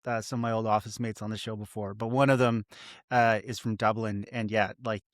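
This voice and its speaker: A man's voice: lowish voice, level tone, a little fast, dry recording, clean studio sound. Chatty Canadian podcast host, man. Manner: friendly, chatty, laughs easily. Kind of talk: conversational podcast interview.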